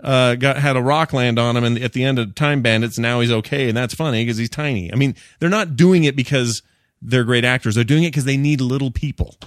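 A man talking loosely as a podcast co-host, dropping into low, trailing asides. His voice sits at an ordinary pitch and sounds dry and close. The room adds almost no echo. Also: brisk. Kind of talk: casual chat.

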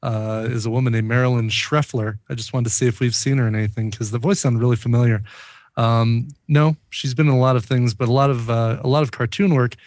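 A man's voice: mid-range voice, fairly even intonation, fairly quick, darkish tone, no room sound. A man co-hosting a casual movie podcast, chiming in with cast trivia. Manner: informative, interrupts with trivia. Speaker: podcast co-host who looks up cast details. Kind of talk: casual movie commentary chat.

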